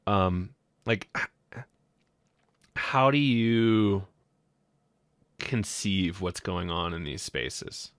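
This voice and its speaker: A man hosting an interview podcast, speaking slowly and thoughtfully with many fillers. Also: sits low, fairly bright tone, dry recording, clean studio sound. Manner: slow, thoughtful, lots of fillers. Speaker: podcast host. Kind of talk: casual interview talk.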